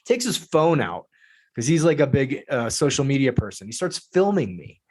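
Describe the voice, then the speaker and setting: A man telling a story as a podcast guest, lively and profane. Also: mid-range voice, moderate pace, breathy edge. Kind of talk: casual storytelling.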